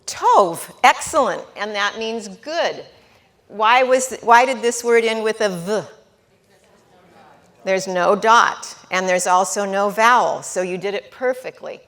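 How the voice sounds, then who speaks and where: Slow, bright-voiced woman teaching Hebrew. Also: medium pitch, lively intonation. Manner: patient, encouraging, questions the class; sounds out syllables slowly. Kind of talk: classroom Hebrew lesson.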